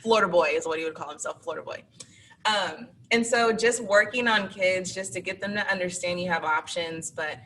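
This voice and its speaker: A woman's voice: fairly low pitch, moderate pace, a bit bright. A woman teacher, a guest on an interview show, telling classroom stories in a chatty way and acting out her students. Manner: chatty anecdotal, acts out students. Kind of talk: interview storytelling. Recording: distant mic with faint background noise.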